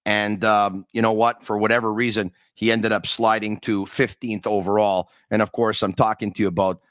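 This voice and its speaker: A man's voice: fairly low pitch, level tone, moderate pace, fairly bright tone, dry recording. A man hosting a sports talk podcast, talking emphatically and repeating his points for effect. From Canada. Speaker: podcast host.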